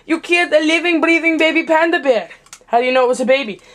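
A high-pitched woman performs a silly improvised skit at home. She talks excitably, tipping into panicked shouting and then falling into dry deadpan. The sound is plain camera-mic audio from a home video. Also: quick pace, heavy background noise.

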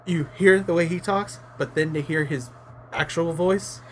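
A man's voice: on the high side, measured pace, a little hiss or hum. A man co-hosting a casual chat show, blunt and swearing often. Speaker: show co-host.

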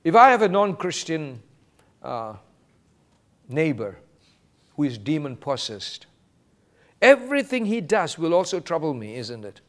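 A pastor delivers a sermon. His voice sits fairly high and swings widely in pitch as he preaches. He quotes scripture and acts out short exchanges. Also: a little slow, pauses often. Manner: animated preaching, quoting scripture and acting out brief exchanges.

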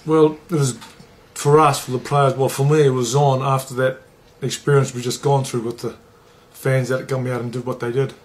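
A man's voice: mid-range voice, flat delivery, moderate pace, few pauses. A middle-aged man, a former rugby league player, telling stories in an interview in a plain-spoken, salty way and acting out the dialogue. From New Zealand. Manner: plain-spoken, swears freely, acts out dialogue. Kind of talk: interview storytelling.

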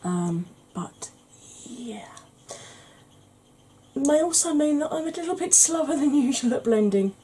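A woman hosting a soft-spoken ASMR makeup tutorial, chatty and rambling with wry humour, tired from lack of sleep. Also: high voice, animated, a little slow, slight background noise, poor audio. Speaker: beauty channel host.

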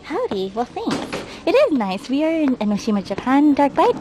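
A woman travel livestreamer climbs outdoor stairs, out of breath and talking through a face mask, in a high, very animated voice at a moderate pace, with background noise. She's chatty and self-deprecating, reading chat aloud and greeting viewers by name.

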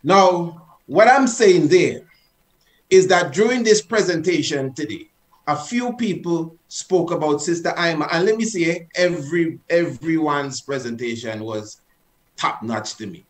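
A man leads a group exercise over a video call. His voice sits slightly high and turns earnest and coaxing. He presses harder and harder as he repeats his instructions. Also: lively intonation, unhurried. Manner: earnest, coaxing, repeats commands with rising force. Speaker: presenter leading an online session.

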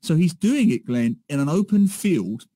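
Radio co-host, man, animated storyteller, higher voice, mellow tone, dry studio. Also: moderate pace, no echo. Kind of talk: casual radio chat.

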